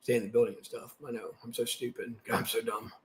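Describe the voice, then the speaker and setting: A man hosting his channel, giving ranting commentary while reading through documents, swearing and swinging from muttering to shouting. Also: mid-range voice, level tone, fast talker, slight background noise. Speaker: channel host.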